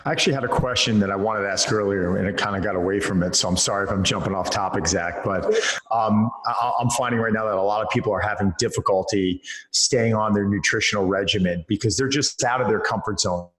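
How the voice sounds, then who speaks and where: Low-voiced podcast host man in an echoey room. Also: a bit bright. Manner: apologetic, halting questions. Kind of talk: casual interview chat.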